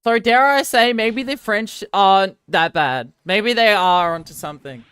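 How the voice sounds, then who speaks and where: Casting: Australian woman streamer, rambling and self-mocking, smooth voice, dry close sound. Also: medium pitch, a little slow, fairly bright tone, no echo. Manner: rambling, self-mocking, answers viewers' chat between game moments. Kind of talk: casual live-stream chat.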